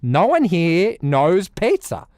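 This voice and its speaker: A young Australian man chatting casually on a music livestream, rambling, with loud bursts and low mutters. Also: slow, no room sound, clean studio sound. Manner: animated, rambling, swings between loud outbursts and mutters. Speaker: music streamer.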